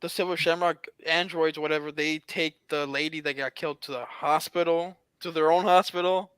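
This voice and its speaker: A man's voice: fairly high pitch, steady tone, normal speed, fairly bright tone, clear, resonant tone, dry recording. A man co-hosting a casual movie podcast, nitpicky, laughing often and stumbling over restarts. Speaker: podcast co-host.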